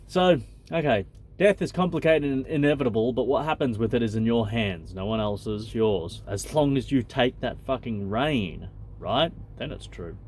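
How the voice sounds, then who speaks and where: A man's voice: medium pitch, moderate pace, a little mellow, slight background noise. A man, a channel host who reads a spiritual text aloud and comments on it in a blunt, loose and conversational way, swearing freely.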